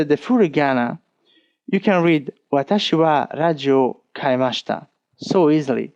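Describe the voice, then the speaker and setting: A man with an Italian accent teaches an online lesson at an unhurried pace, his voice sitting a bit higher than most men's. He repeats each step and counts strokes patiently. The sound is dull and muffled, and dry. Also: darkish tone, no echo. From Italy. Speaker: language teacher.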